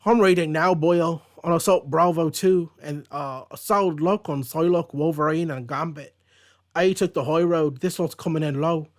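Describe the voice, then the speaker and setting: Cocky irish comic hero, as a guy hams up the accent, a bit higher and louder. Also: fairly even intonation, moderate pace, lightly acted. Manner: stupid put-on Irish accent. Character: Irish male X-Men hero on radio, cocky.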